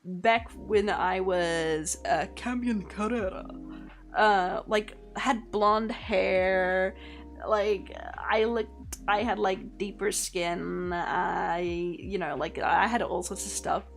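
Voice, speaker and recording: A woman's voice: medium pitch, fairly even intonation, slow pace, gravelly. Young woman vtuber rambling on stream, laughs a lot, swears, faint music behind. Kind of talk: casual livestream chat.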